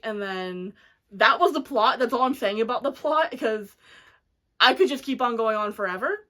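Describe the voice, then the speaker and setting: Woman, casual book review chat, enthusiastic, filler-heavy, mid-pitched voice. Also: a bit bright. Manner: chatty and enthusiastic, many "like" fillers.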